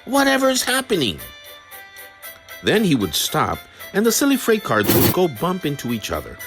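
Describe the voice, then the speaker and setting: A man narrating a children's train storybook in a slow, expressive reading. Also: on the high side. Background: background music.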